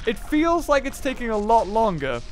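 Lively, high-voiced woman gaming. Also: normal speed, a little hiss or hum. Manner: excitable, swings between low muttering and loud outbursts. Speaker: gaming channel host. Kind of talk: let's play commentary. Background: game music.

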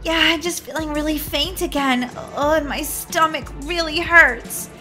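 Brief: woman voicing a queasy young wife, high bright voice, groaning and weak. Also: measured pace, soft background music. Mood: faint.

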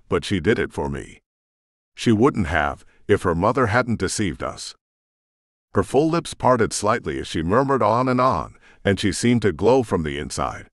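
A man's voice: low voice, a bit bright, no echo, studio quality. A man narrating a romance audiobook in first person with dramatic, intense storytelling.

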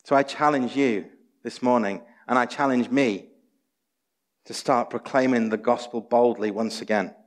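A man's voice: mid-range voice, moderate pace. A man preaching a sermon as pastor, earnest and exhorting, full of rhetorical questions. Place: church sanctuary. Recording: long church hall reverb.

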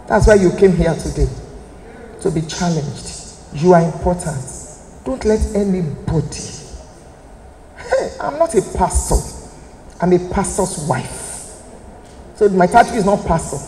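Lively Nigerian woman in echoey hall. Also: lowish voice, unhurried, pauses often. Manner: emphatic, preacherly, direct appeals to listeners. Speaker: motivational speaker. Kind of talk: motivational talk to an audience. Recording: echoey hall, faint room noise.

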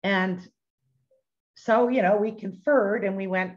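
A middle-aged woman telling a testimony story in an animated way, acting out the voices of the people she quotes. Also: mid-range voice, slow. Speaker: ministry speaker sharing testimony. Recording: dull lo-fi recording.

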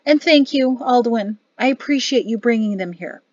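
A woman voicing an elegant woman in her sixties, overjoyed to see her family, talking in a bright, excited voice. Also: on the high side, normal speed, no room sound, highs cut off, natural voice. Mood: gushing. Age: 60s. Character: elegant older mother, overjoyed and fussing.

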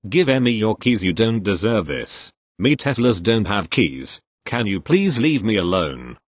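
A man's voice: lowish voice, big pitch swings, a little slow, no room sound. A man reading as a bossy, accusing mother. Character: demanding, accusing middle-aged mother.

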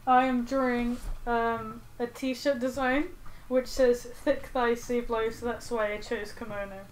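A woman's voice: fairly high pitch, level tone, unhurried, a little hiss or hum, poor audio. A woman streaming as she draws, chatting casually and egging her friends on. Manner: egging others on, amused. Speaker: streamer, artist. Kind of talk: casual chat while drawing.

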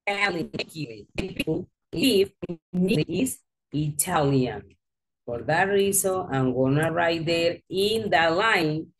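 Slow, patient Spanish-accented woman teacher. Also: on the low side, animated, slight background noise. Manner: patient, repeats and corrects slowly. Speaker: English teacher. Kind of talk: classroom teaching. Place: classroom.

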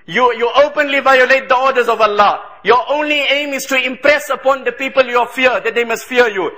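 A man's voice: extremely high pitch, a little fast, pushed and bright. A man preaching an impassioned sermon, emphatic and repeating phrases for stress.

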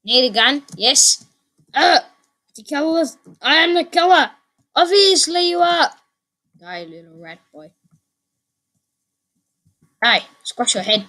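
Her voice is high and her pace a little slow as she hosts let's play videos on her own gaming channel. The commentary is excitable, with repeated phrases and sudden yelps.

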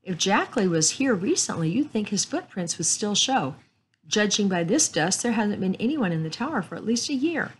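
A woman's voice: medium pitch, sing-song, normal speed, a little hiss or hum, pitched above the performer's own voice, lightly acted. A woman voicing a polite, earnest teenage boy detective. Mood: puzzled.

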